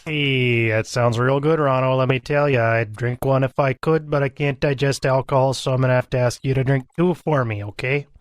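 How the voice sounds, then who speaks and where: A man's voice: medium pitch, fairly even intonation, a little fast, hardly any pauses, clean tone, no echo, clean studio sound, close to an everyday voice. A man voicing a friendly, folksy man with an up-north Upper Midwest accent, drawling his words. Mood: jovial.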